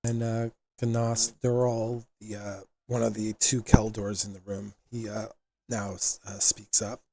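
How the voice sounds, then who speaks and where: A man narrating as game master in a tabletop game, relaxed and filler-heavy. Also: on the low side, measured pace, dry recording.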